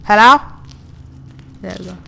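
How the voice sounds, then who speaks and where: A woman's voice: medium pitch, measured pace, gravelly, pushed and bright. A woman playing a horror game, talking to herself in jumpy, reactive commentary. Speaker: gaming channel host.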